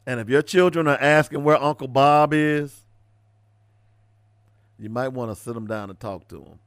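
A man's voice: normal speed, clear, resonant tone, no room sound. A man hosting a radio talk show, ranting and mocking his listeners in casual commentary. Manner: preachy, ranting, mocking, switches between loud rants and low asides.

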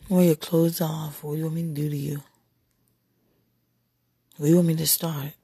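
A woman speaking an intimate spoken monologue, breathy and husky, often dropping into whispers and sighing exclamations. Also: deep voice, steady tone, moderate pace, long pauses, mellow, no room sound, clean studio sound. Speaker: podcast speaker.

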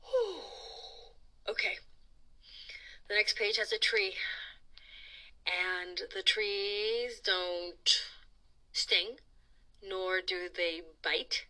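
A woman hosting a children's storytime, reading aloud in an expressive, playful, dramatic way. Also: medium pitch, extremely slow, pauses often, low-quality recording. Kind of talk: animated read-aloud storytime.

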